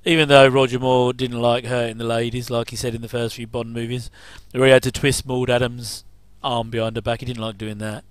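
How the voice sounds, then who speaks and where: Middle-aged man, casual watch-along commentator, smooth and close-miked. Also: mid-range voice, flat delivery, brisk, hardly any pauses, no echo. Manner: chatty, jokey asides with chuckles. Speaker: commentary host.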